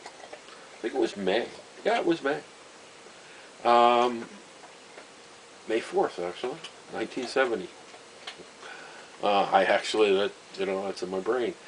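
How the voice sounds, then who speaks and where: A man, telling a personal story in a rambling, halting way, full of fillers and wry chuckles. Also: on the low side, animated, slight background noise, poor audio. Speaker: vlogger. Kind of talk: casual storytelling monologue.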